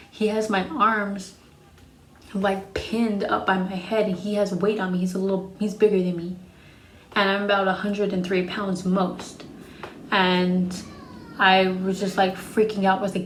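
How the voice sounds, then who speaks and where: Blunt young woman, flat delivery. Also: medium pitch, moderate pace, reverberant, slight background noise. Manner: frank and profane, blunt retelling. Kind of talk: casual storytime vlog.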